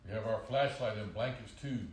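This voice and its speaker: Cheerful little girl, as a man reads her, coaxing storybook voice, raised pitch, roomy echo. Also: brisk, lightly acted. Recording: roomy echoey recording.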